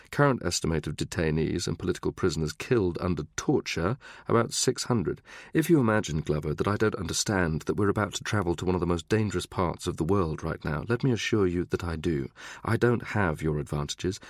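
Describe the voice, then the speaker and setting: A prim, middle-aged diplomat speaks in clipped, precise, restrained tones, as a male narrator voices him. The voice sits low and gravelly. It is recorded close and dry. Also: dry recording.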